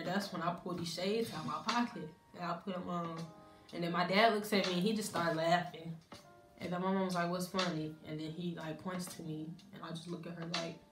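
A young woman tells a college story in a relaxed, candid way, slipping into her family's voices now and then. Her voice sits a little low. The room is echoey, and music plays behind her. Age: young adult. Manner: candid, conversational, acts out family dialogue. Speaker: college student vlogger. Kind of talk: casual storytime.

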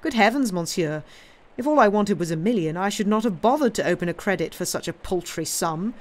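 Woman doing a smooth smug count, cold and teasing. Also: medium pitch, lively intonation, fairly quick, lightly acted. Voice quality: smooth, coldly ironic. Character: cool, mocking wealthy nobleman. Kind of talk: reading a novel aloud on a livestream.

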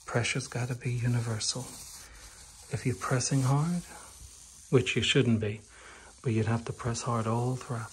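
A man's voice: mid-range voice, steady tone, normal speed, a little hiss or hum. A man teaching how to paint a door. He talks while he works, often drops to a whisper and makes joking asides to the viewers. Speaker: painting instructor. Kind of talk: hands-on painting demonstration. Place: indoors at a door being painted.

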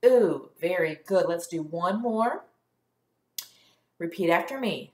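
Slow, clear-speaking woman teacher. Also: fairly low pitch, expressive, echoey room. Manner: slow, clear, stretched-out sounds for children to repeat. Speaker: first grade teacher. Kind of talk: phonics lesson for young children.

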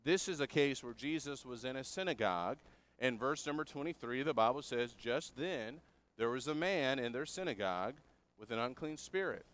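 A man's voice: mid-range voice, lively intonation, moderate pace, a bit bright. A man preaching a sermon, working through a passage verse by verse in an earnest, explanatory way and putting questions to his listeners.

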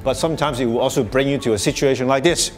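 A man's voice: medium pitch, fast talker, soft background music. A man presenting at a live workshop to an audience, speaking conversationally with many restarts and "you know"s, and chuckling often as he explains. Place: workshop space before an audience.

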